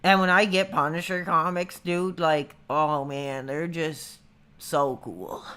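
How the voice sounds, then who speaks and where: A man's voice: a little high, fairly even intonation, slow pace, bright, forceful tone, smooth. A man in his thirties chatting casually on a livestream, rambling and laid-back, calling everyone dude. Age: 30s. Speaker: streamer.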